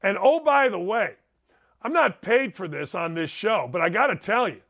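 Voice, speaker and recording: A man's voice: high-pitched, expressive, moderate pace, a bit bright. A middle-aged man hosting a sports talk show from home, ranting in an emphatic, sarcastic and digressive way. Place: home studio.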